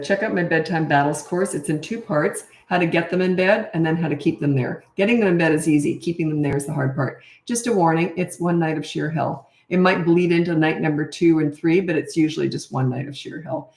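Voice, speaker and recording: Her voice sits low and a little mellow, moving fairly quickly with hardly any pauses, as this middle-aged Canadian parenting coach answers viewer questions. The casual livestream Q&A is blunt and matter-of-fact, recorded in an echoey room.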